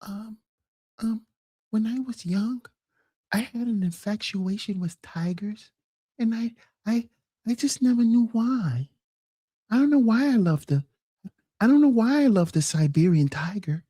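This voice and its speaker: A woman doing an impression of a soft-spoken male pop star, hushed and stammering. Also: on the high side, animated, measured pace, long pauses, husky, no echo. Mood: timid.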